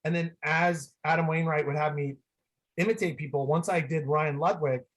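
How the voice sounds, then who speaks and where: A man from the San Francisco Bay Area, a guest on a video call, telling rambling, excitable stories full of "like" fillers. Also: fairly high pitch, normal speed. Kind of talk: casual storytelling.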